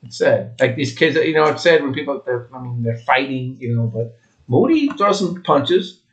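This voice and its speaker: A man's voice: mid-range voice, lively intonation, normal speed. Middle-aged male co-host, rambling casual talk, slightly muffled recording. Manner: rambling, repeats himself. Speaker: podcast co-host. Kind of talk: casual chat. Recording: slightly dull lo-fi audio.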